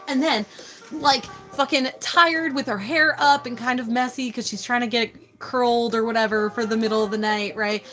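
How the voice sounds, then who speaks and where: A woman hosting a casual livestream, telling a story with lots of swearing and animated outbursts. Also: on the high side. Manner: animated, profane, laughing storyteller. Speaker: livestream host.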